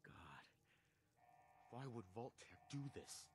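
An actor playing a grieving, desperate young husband set on revenge in a video game, with a husky voice. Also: male voice, fairly low pitch, big pitch swings, slow pace, dry recording, clean studio sound, exaggerated voice. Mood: grieving hush.

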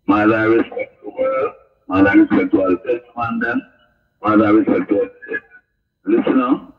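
A man's voice: lowish voice, a little slow, recorded from a distance, soft background music, close to an everyday voice. A man playing a rambling caller on a mock radio call-in show, heard over a tinny phone line. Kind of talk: comedy sketch phone-in.

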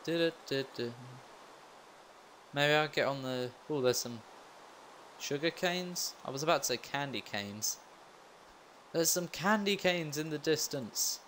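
A young man commentating his gameplay for a let's play rambles and makes self-mocking asides. His slightly high voice is expressive and fairly bright, measured in pace with frequent pauses, and there is a little hiss or hum.

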